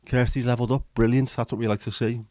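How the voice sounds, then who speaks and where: A man with a mid-range, darkish voice hosts a livestream, rambling and cracking jokes as he chats with viewers. His tone stays level and his pace is quick. The recording is dry and studio quality.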